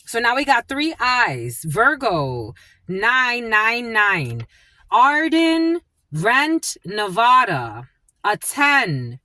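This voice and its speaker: A woman doing a channeled psychic reading, speaking in halting bursts and repeating single words as they come to her. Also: a little high, bright, forceful tone, no room sound. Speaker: psychic reader.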